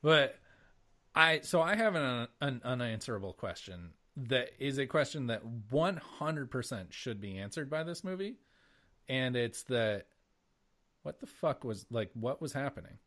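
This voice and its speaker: A man co-hosting a casual podcast, talking with a lively, swinging pitch. He swears freely, laughs a lot and gets worked up. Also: unhurried. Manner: animated, swearing, laughs often. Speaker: podcast co-host. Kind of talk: casual chat.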